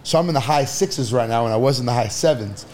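An entrepreneur appears as a podcast guest, handing out advice in a casual, blunt way with some swearing. He talks fast in a medium-pitched, slightly mellow voice, with slight background noise.

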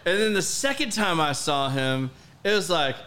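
A man hosting a casual chat, relaxed and teasing as he tells stories about his guest. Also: a little high, normal speed. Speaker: host.

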